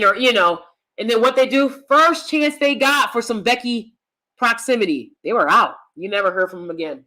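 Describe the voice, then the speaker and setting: A woman's voice: fairly high pitch, expressive, normal speed, sharp tone. A woman hosting a live-stream commentary, talking bluntly and profanely and reading out chat comments. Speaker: YouTube commentary host.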